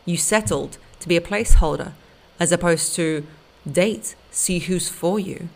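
A woman's voice: fairly low pitch, unhurried, vocal fry. A woman hosting a podcast, giving blunt, emphatic relationship advice straight to her listeners. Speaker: podcast host and dating coach.

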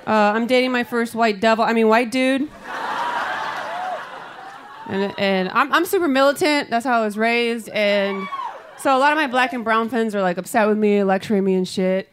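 A woman's voice: fairly high pitch, normal speed. A woman doing stand-up comedy on stage with a handheld mic, delivering a brash, profane, punchy set. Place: comedy stage before a live audience. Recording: live room with loud crowd noise.

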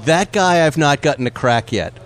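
Animated, profane man telling stories. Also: on the high side, normal speed. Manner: animated storyteller, profane, laughs often. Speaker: podcast co-host. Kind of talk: casual chat. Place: breakfast nook of a restaurant.

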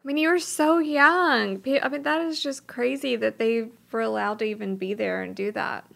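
A woman hosts a casual interview, her fairly high voice carrying a gravelly fry. She asks warm, sympathetic questions and chimes in with quick exclamations. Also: steady tone. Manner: sympathetic, reacts with short exclamations. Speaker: interview host.

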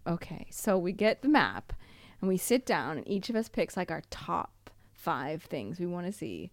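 A woman's voice: on the low side, normal speed, dry recording. Woman podcast co-host, middle-aged, from the US, emphatic, dry studio sound. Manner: animated, acts out little scenes; teasing, emphatic. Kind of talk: casual chat.

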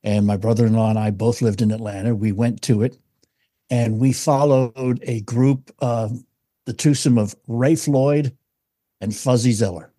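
Husky-voiced male golf podcast co-host. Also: medium pitch, steady tone, a little slow, warm tone, no echo, studio quality. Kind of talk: casual chat.

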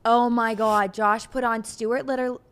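A young woman co-hosting a casual podcast, chatting lively with her husband and laughing often as she tells family stories. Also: fairly high pitch, a little slow, smooth. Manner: giggly, animated, laughs often. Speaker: podcast co-host. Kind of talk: casual chat.

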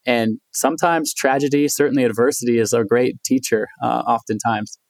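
A man's voice: medium pitch, moderate pace, no echo. A man, telling a personal story as the guest of a podcast interview. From United States. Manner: animated storyteller, acts out quoted voices. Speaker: guest, endurance athlete and author.

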